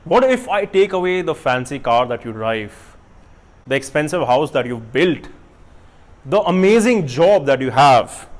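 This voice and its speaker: A self-help YouTuber, a young man with a mid-range voice, gives a casual motivational talk to camera. He poses rhetorical questions and swings between loud bursts and quiet asides.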